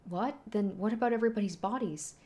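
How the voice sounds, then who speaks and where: A woman's voice: medium pitch, quick pace, mellow, lo-fi sound, lightly acted. Woman reading a distraught young man. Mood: alarmed. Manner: anxious and pleading.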